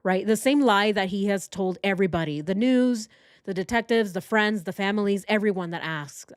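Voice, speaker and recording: A woman hosting a true crime channel, reading text messages aloud with indignant, sarcastic commentary into a boom-arm microphone. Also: normal speed, smooth, dry recording, studio quality.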